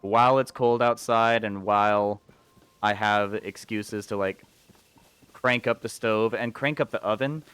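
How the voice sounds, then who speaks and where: A man streaming a video game, chatting and rambling casually with excitable outbursts. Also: lowish voice, a little slow, clean tone, no room sound. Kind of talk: casual gameplay commentary.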